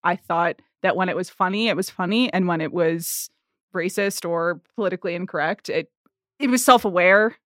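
A woman co-hosting a casual film podcast, talking in a chatty, halting way with many restarts. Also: on the low side, fairly bright tone, no echo, studio quality. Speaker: podcast co-host. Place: at a film festival.

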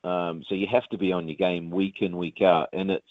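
A New Zealand rugby player with a low voice talks fairly quickly in a casual phone interview, rambling and relaxed with lots of ums and uhs. The phone line sounds tinny and dry, with no echo.

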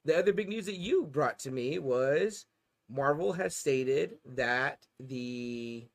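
A man co-hosting a podcast in casual chat, relaxed and laid-back, swearing now and then. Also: mid-range voice, takes it slowly. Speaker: podcast co-host.

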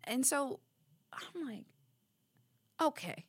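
A woman's voice: medium pitch, animated, brisk, sharp tone, dry recording. A young adult woman, hosting a podcast and telling a story in a chatty, exasperated way full of "like"s. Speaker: podcast host. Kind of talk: casual storytelling.

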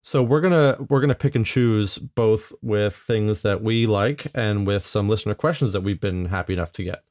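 A man co-hosting a podcast, speaking casually with dry, teasing, deadpan humor. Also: lowish voice, moderate pace, no echo. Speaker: podcast co-host.

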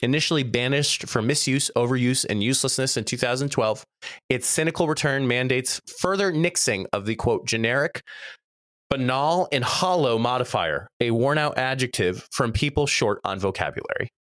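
With studio-quality, echo-free sound, a young co-host at medium pitch and moderate pace reads out list items on a casual podcast. He stays animated, laughing a lot and giving quotes a mock-grave delivery.

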